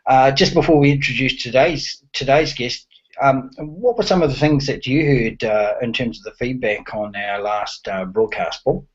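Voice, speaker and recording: A man's voice: mid-range voice, normal speed, slightly rough. A man hosting an online interview show, friendly and hesitant, with many fillers. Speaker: host. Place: New Zealand. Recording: dull lo-fi audio.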